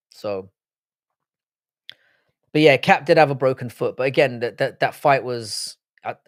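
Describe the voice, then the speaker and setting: Hosting a livestream panel, a young man from the UK talks in casual, crude, straight-talking banter. His medium-pitched voice comes through clean studio sound with no room sound.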